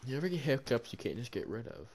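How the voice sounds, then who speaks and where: A young man streaming a video game, chatting casually with a friend, joking and swearing and getting easily excited. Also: mid-range voice, fast. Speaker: gaming streamer. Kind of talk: casual gameplay chat.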